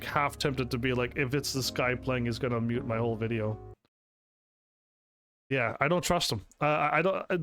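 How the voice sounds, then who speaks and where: Excitable, sarcastic gaming commentator man. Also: fairly high pitch. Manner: excitable, sarcastic, reads game text aloud. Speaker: gaming channel host. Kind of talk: let's play commentary. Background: faint game music.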